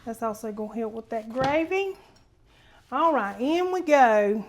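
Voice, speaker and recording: A woman walks viewers through a recipe in a homey, chatty way, calling them honey. Her voice sits a little high. Food sizzles faintly in the pan behind her in a home kitchen. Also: animated, a little slow, background noise. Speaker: cooking show host. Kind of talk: casual cooking demonstration.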